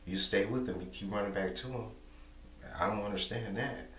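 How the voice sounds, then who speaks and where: A young man talking casually to camera, repeating himself and filling pauses with "you know". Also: on the low side, a bit bright. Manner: repetitive, rambling, many "you know" fillers. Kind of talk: casual monologue vlog. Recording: echoey room, distant mic, faint hum.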